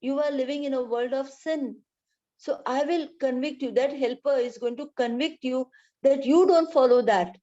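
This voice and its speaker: A woman's voice: high-pitched, moderate pace, warm tone, lo-fi sound. A woman from India preaching a sermon, earnest, often repeating her phrases and quoting scripture.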